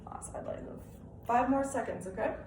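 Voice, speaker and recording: A woman's voice: a little high, normal speed, darkish tone, distant mic. A young woman leading a home exercise class in an upbeat, encouraging way, often checking in with the class. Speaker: fitness class instructor. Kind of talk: live-style home workout instruction. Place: room at home. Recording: echoey room, off-mic, faint background hiss.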